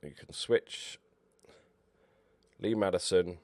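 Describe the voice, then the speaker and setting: A man commentating over his own football management game, excitable and swearing at his players. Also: sits low, slow pace, dry recording. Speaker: gaming YouTuber. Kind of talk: Let's Play commentary.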